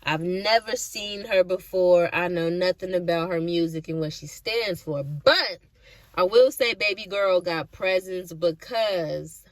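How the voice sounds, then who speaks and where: Speaking a bit slowly in a lowish register, this woman reacts to an awards show on her vlog, with no room sound in the recording. She's frank and foul-mouthed, full of slang and asides.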